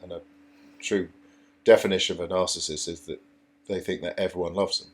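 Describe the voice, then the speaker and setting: A middle-aged man talks casually as a podcast co-host. His voice sits low for a man. He often clears his throat as he speaks. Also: little pitch movement, a little fast. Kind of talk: casual chat.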